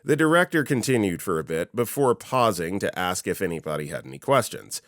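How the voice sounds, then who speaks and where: Lively, low-voiced male story narrator. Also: brisk, no room sound, studio quality. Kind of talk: reading a Reddit story aloud.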